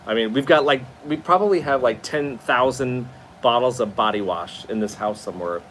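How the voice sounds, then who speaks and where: A man's voice: mid-range voice, normal speed, fairly bright tone, a little hiss or hum. A tired man hosting a casual live stream from his new apartment, chatting expressively and answering viewer comments. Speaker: livestream host.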